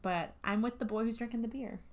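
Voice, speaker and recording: A young woman co-hosting a podcast, chiming in casually with short reactions and quick laughs. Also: fairly high pitch, steady tone, a little mellow. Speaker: podcast co-host. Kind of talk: casual chat.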